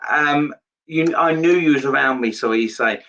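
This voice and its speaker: A man's voice: medium pitch, moderate pace, pushed and bright, distant mic, lo-fi sound, a little hiss or hum. A man giving a live psychic reading, earnest and repetitive in his phrasing. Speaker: medium.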